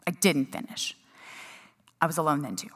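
A woman's voice: low voice, expressive, normal speed, a bit bright. A woman telling a personal story to a gathering in a chatty, emotional way, with many restarts. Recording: long hall reverb.

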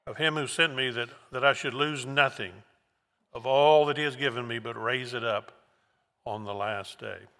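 A man preaching a sermon verse by verse, slow and emphatic, repeating key words for weight. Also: medium pitch, bright, forceful tone. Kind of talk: expository sermon. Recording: long hall reverb.

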